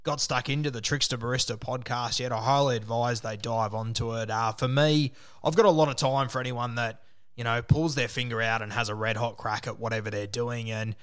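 A man's voice: medium pitch, fairly bright tone. An Australian man hosting a casual podcast interview, friendly and encouraging, full of local sayings. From South Sydney, Australia. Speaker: podcast host.

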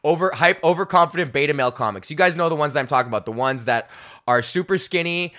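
Here the young comedy podcaster talks fast in a slightly high, fairly bright voice. Alone on the mic, he rants, rambles and swears, laughs at his own material, and acts out quoted voices to mock them.

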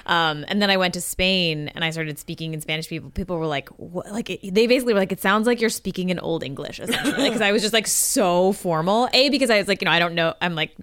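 A woman hosting a podcast tells animated anecdotes and laughs as she talks. Her voice sits a little low, and the recording is dry and close. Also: quick pace, few pauses, smooth, dry recording. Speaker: podcast host. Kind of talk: casual podcast interview.

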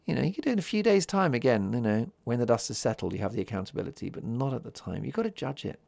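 A man hosting his own podcast in a calm, chatty monologue, keeping his voice soft and easy for listeners drifting off to sleep. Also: medium pitch, rapid-fire, gravelly, dry recording. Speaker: podcast host.

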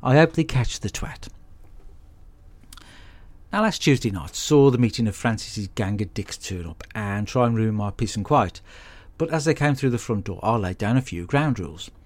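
A man's voice: fairly low pitch, expressive, normal speed. A middle-aged man, giving a blunt, sweary comic monologue as podcast host. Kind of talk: comic monologue with film recap.

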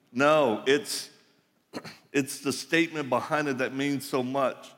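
A man's voice: medium pitch, steady tone, measured pace, a bit bright. A man preaching a live conference sermon, telling folksy stories with asides. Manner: folksy storytelling with laughs and asides. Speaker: conference speaker. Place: large hall, live audience. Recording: reverberant hall.

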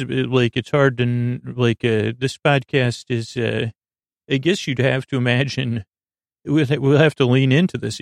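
A man hosting a sleep podcast, talking in a soft, lulling, creaky way and wandering off on goofy tangents. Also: mid-range voice, no room sound, clean studio sound. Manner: meandering, self-interrupting, goofy tangents. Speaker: podcast host. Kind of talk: rambling sleep podcast monologue.

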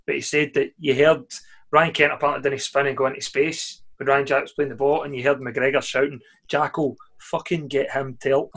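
A man's voice: medium pitch, flat delivery, brisk, a bit bright. A Scottish man co-hosting a casual football podcast, chatty, swearing freely and laughing often. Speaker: podcast co-host.

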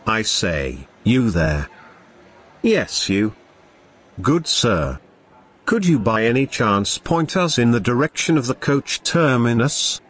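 A man voicing Grandolph, a grand, theatrical wizardly man who speaks in a slow, melodious old-fashioned way. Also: mid-range voice, sing-song, a bit bright, slightly rough, heavily acted. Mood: booming.

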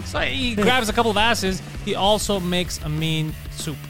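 A man's voice: high voice, expressive, normal speed, vocal fry, music in the background. A man hosting a comedy podcast, riffing and joking crudely and laughing often. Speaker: podcast host.

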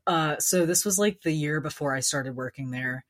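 A woman co-hosting a casual chat, telling a story in a relaxed way and laughing often. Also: sits low, moderate pace. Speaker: podcast co-host.

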